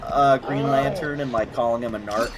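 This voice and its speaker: A man's voice: mid-range voice, normal speed, a loud crowd. A man hosting a gaming stream, chatting casually and laughing often, restarting his sentences. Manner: animated, laughing, many restarts. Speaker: stream host.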